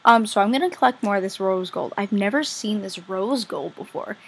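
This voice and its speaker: A woman commenting casually on her own game play as a vlogger, chatty and easily excited, gushing over what she finds. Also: medium pitch, brisk, husky. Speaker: gaming vlogger.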